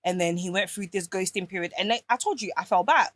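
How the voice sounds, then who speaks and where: A woman, a podcast guest telling a personal story in candid casual chat, animated and swearing freely. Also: medium pitch, quick pace.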